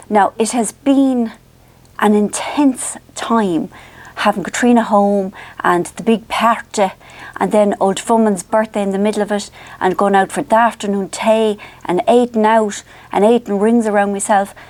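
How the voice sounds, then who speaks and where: A middle-aged Irish woman chatting to camera at home, animated and self-mocking. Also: medium pitch. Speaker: vlogger. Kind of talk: casual chat to camera.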